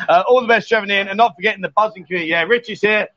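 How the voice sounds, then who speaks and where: A man's voice: high voice, racing, pushed and bright, highs cut off. A man hosting a casual live-stream chat, teasing his co-host and laughing often.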